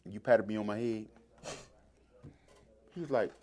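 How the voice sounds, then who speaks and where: In a fairly low voice at normal speed, a D.C. man spins a long story in casual conversation. He brings it to life with animated delivery, doing the voices of each person involved.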